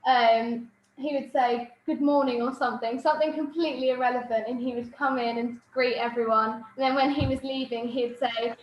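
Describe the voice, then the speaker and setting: A woman's voice: on the high side, steady tone, fairly quick, hardly any pauses, dull audio, a little hiss or hum. A young woman, fondly sharing memories of her grandfather in a casual chat. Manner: gentle, fond storytelling. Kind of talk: casual reminiscing. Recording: echoey room.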